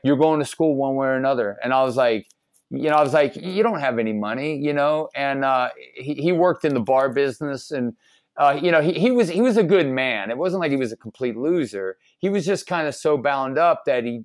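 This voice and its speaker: A man's voice: medium pitch, no room sound. A middle-aged man from Ohio tells his own life story as a podcast guest. His delivery is casual and slangy, full of "like" and "dude". His voice sits in an ordinary middle register, recorded close and dry with no room sound.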